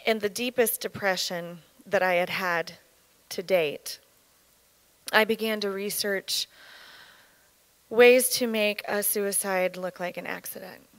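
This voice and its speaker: A woman in her thirties giving an earnest, candid personal testimony as a church speaker, speaking in a measured way. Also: medium pitch, fairly even intonation, fairly bright tone, no echo, poor audio.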